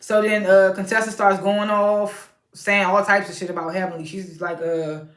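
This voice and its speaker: A woman's voice: mid-range voice, little pitch movement, moderate pace, fairly bright tone. A woman hosting a casual recap of a reality show, chatty and laughing often as she retells the scenes. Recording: roomy echo.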